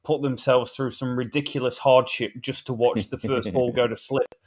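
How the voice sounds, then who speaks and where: A man's voice: medium pitch, fairly even intonation, normal speed. A man from England hosting a cricket podcast, chatty and nostalgic in casual conversation. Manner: chatty, nostalgic, laughs often. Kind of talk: casual chat. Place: Australia.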